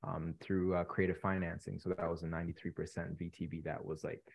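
Deep gravelly young man, relaxed. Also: fairly quick. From Canada. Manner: relaxed, many ums, laughs easily. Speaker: podcast guest, real estate investor. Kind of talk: casual interview chat.

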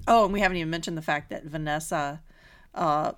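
A woman co-hosting a podcast, talking in a loose, casual chat. She is animated and exclamatory, quick to laugh, and keeps stopping to clear her throat. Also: deep voice. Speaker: podcast co-host.

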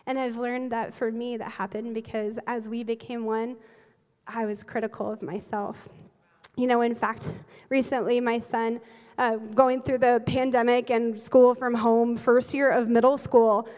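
A woman in her forties, a pastor, preaching a sermon with lively, humorous storytelling and quick laughs. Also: on the high side. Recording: long reverb of a large hall.

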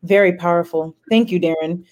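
A woman hosting a podcast interview, warmly affirming her guest with short responses. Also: fairly low pitch, a little fast. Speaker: podcast host.

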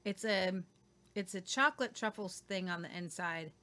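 A woman's voice: on the low side, moderate pace, sharp tone. A woman co-hosting a casual chat, rambling about chocolates with many fillers. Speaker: co-host.

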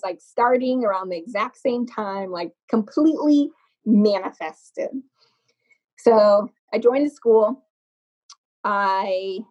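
A woman's voice: medium pitch, darkish tone, breathy edge. A young woman makeup artist telling her story in a casual interview, chatty, laughing often and using lots of fillers. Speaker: podcast guest, makeup artist. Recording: slightly dull lo-fi sound.

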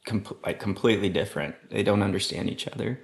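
A man with a fairly low voice co-hosts a podcast and talks loosely and casually. He is animated as he moves from one point to the next. His delivery sounds offhand and conversational. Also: fast talker. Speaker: podcast co-host.

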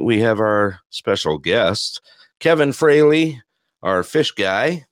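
A man's voice: lowish voice, animated, slow, dry recording, studio quality. Upbeat folksy man hosting live radio. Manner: upbeat, laughs often, folksy catchphrases. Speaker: radio show host. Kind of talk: casual live call-in radio chat.

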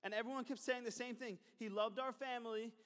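A man's voice: very high voice, steady tone, fast talker, fairly bright tone. A man preaching a sermon as a pastor, talking in a conversational way with asides and repeated phrases. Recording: long hall reverb.

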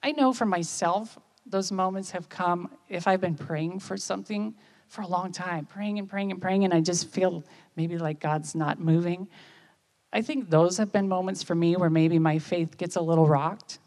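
A woman, giving a conversational sermon and often checking in with listeners with quick questions. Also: lowish voice, a little mellow. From United States. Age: 50s. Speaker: speaker at church.

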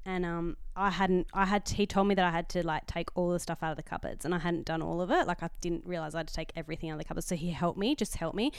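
An Australian woman co-hosting a casual podcast, telling a story with energy and acting out what other people said. Her voice is smooth and resonant, and the sound is dry and close. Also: lowish voice, quick pace, few pauses, dry recording. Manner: animated storyteller who acts out quoted dialogue. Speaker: podcast co-host. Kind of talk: casual chat.

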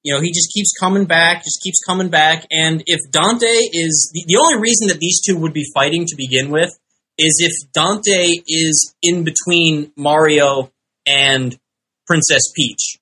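A man's voice: a little high, measured pace, pushed and bright, husky, low-quality recording. A man on a podcast panel, reasoning hesitantly with many fillers. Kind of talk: casual podcast banter.

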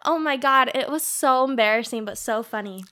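A young woman, a cam model appearing as a podcast guest, tells funny stories in a slightly high voice at normal speed with background noise. She's giggly and casual, saying "like" constantly.

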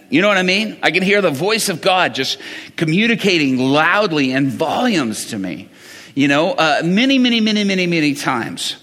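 Animated pastor preaching in a large hall. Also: male voice, high-pitched. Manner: animated, conversational storytelling with laughs. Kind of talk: sermon. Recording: reverberant hall.

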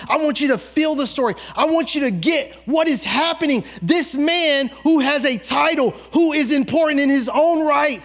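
Male pastor, very high voice, animated and colloquial sermon delivery. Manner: animated, conversational, colloquial storytelling.

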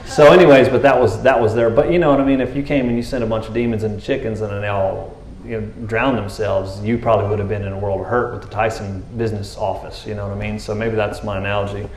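A man delivers a laid-back sermon in a low voice, chatting like a friend and jumping into the voices of the people in the story. The room around him rings with echo. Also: steady tone, fast talker, hardly any pauses, darkish tone, slight background noise. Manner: conversational, jokey, acts out voices of people in the story. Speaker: pastor. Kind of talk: casual sermon.

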